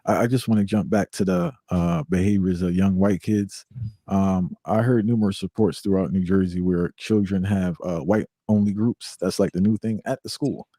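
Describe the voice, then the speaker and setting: A man's voice: low voice, fairly even intonation, normal speed, warm tone, no echo. A man calling in to a discussion, speaking earnestly with some hesitation. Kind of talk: call-in discussion.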